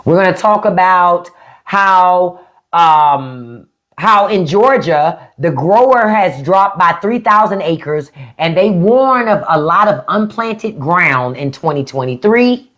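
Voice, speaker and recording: Her voice is fairly low and her pace slow: a middle-aged podcast host with a DC-area accent, running a casual live stream. She's blunt, animated and swears freely, captured on a phone or desk mic.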